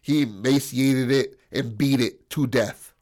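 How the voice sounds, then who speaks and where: A man spins an improvised, raunchy comic tale in a mid-pitched voice, rambling and profane. He keeps checking in with his listener with "bro" and "right?". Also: a little slow, a little mellow. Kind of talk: crude improvised comic storytelling.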